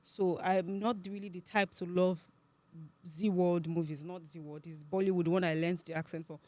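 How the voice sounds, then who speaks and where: A woman's voice: fairly low pitch, normal speed. A young woman with a Nigerian accent, a podcast guest telling stories with animation, laughing often and acting out what others said. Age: young adult. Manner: animated storyteller, laughs often, acts out quoted speech. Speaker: guest, accent content creator. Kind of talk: casual podcast interview.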